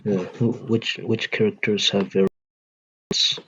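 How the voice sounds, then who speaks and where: A man with a low, husky voice asks hesitant questions in casual chat, stumbling and restarting often. The recording sounds dull and lo-fi. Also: little pitch movement, normal speed, a bit bright.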